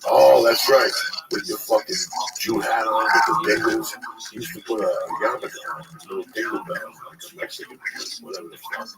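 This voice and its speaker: A man who is a stand-up comedian, telling a heated, profane story in casual chat, recorded on a distant mic with loud noise behind. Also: lowish voice, fairly quick, vocal fry, over loud music.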